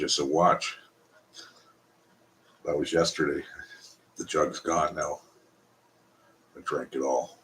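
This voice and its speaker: A man's voice: extremely low pitch, steady tone, slow pace, long pauses, a bit bright. A Canadian man hosting a casual live stream, talking bluntly and profanely in a rambling way.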